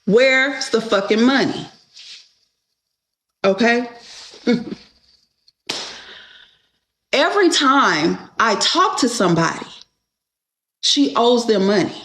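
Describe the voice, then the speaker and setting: A woman's voice: a little high, expressive, takes it slowly, long pauses, a bit bright, slight background noise. A woman telling a story in a casual, emphatic rant and checking in with the listener again and again. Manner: emphatic, keeps asking "okay?". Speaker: storyteller venting to viewers. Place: airport. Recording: echoey room sound.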